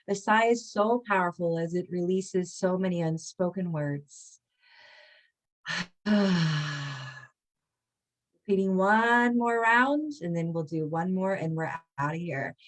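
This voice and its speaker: Woman guiding a breathing exercise. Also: on the low side. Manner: soothing, encouraging, with audible sighs and breaths. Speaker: breathwork instructor. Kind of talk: guided breathing instruction.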